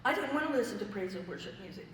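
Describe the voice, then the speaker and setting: A woman's voice: medium pitch, expressive, very fast. Woman telling her story in an echoey hall. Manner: conversational storytelling, vivid detail. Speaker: church member giving testimony. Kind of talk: personal testimony to a fellowship gathering. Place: church fellowship hall. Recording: echoey hall, voice from far off, faint noise.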